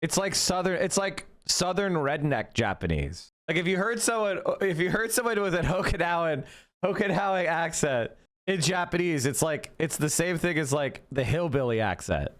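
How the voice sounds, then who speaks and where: A man's voice: fairly high pitch, big pitch swings, normal speed, a bit bright. A man streaming live, reacting to clips with blunt, profane, heated commentary.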